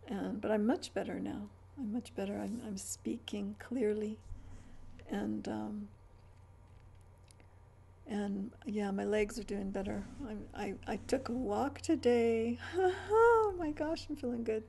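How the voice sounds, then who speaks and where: A woman's voice: medium pitch, vocal fry, warm tone, slight background noise. A middle-aged woman vlogging in a rambling, chatty way, with stammered restarts and trailing asides. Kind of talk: rambling casual chat.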